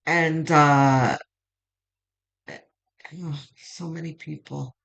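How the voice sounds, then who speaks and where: A woman's voice: sits low, steady tone, very slow, vocal fry, a bit bright, low-quality recording. A woman giving a weekly tarot reading in an informal vlog, chatty and emphatic, swearing for emphasis and cheering her viewers on. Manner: emphatic, fired-up encouragement. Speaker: tarot reader.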